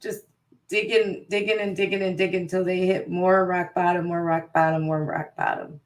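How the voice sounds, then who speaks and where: A co-host with a mid-pitched, ordinary voice, chatting casually on a stream. The delivery is wry and exasperated, and the sarcasm is dry. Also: animated, normal speed. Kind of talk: casual commentary chat.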